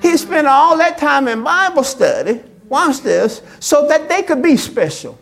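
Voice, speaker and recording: A woman pastor preaching a sermon, acting out quoted lines with big swings in pitch and loudness. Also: sing-song, measured pace, creaky.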